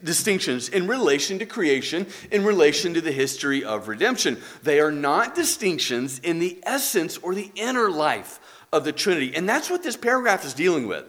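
A man teaching a church class in an earnest, explanatory way. His pitch moves a lot, climbing when he presses a point and dropping low as he winds down. He works through examples and asks questions aloud. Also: a bit bright. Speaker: Bible teacher.

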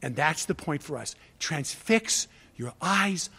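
A man with a notably high voice preaches from the pulpit as pastor. He poses rhetorical questions and answers them himself, swinging between ringing declarations and hushed, near-whispered asides. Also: big pitch swings, takes it slowly, creaky, husky. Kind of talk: sermon.

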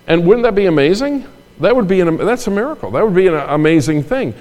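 A man's voice: high-pitched, big pitch swings, brisk, a little mellow. An older man, a pastor, delivering a sermon in a conversational way, with asides and repeated phrases. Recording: long hall reverb.

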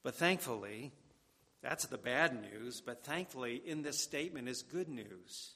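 A male preacher delivers a sermon at an unhurried, measured pace, leaning on repetition for emphasis. His voice sits at a middle pitch, and a long reverb from the church hall trails every phrase. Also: animated, gravelly, bright, forceful tone, slightly rough. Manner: slow and deliberate, with emphatic repetition.

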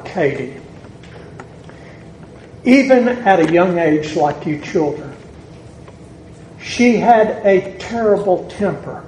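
Southern preacher man, kinda high voice, slow and drawn out, swells up loud on the big points. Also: lively intonation, a little hiss or hum. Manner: deliberate preaching that swells to emphatic peaks. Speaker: pastor. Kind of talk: sermon. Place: church hall with a congregation. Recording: echoey church room with faint ambience.

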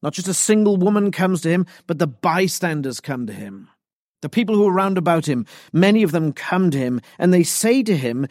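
A man preaching an expository sermon, deliberate and emphatic. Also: high-pitched, sing-song, a little mellow, no echo, clean studio sound.

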